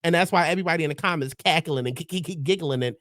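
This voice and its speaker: A man's voice: on the high side, very fast, fairly bright tone, no room sound, studio quality. A man hosting blunt, profane, sassy pop culture commentary. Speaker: host.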